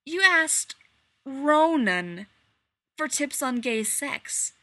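A woman doing a cornered military man who snaps back in high, bright, protesting bursts, his words tumbling over each other, read aloud from a story, dry and close with no room sound. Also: animated, extremely slow, no room sound, exaggerated voice. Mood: exasperated. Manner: snappish, exasperated, voice rising in protest. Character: flustered, defensive adult male colonel.

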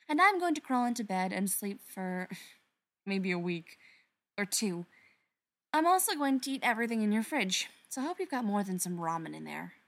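A woman voicing a furious werewolf sister. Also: mid-range voice. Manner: yelling, swearing, outraged.

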